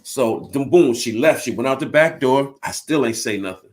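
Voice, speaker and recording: Telling a personal story, this storyteller in his fifties is candid and blunt, cursing openly and voicing both parties in an argument. His medium-pitched voice is expressive and moderately paced.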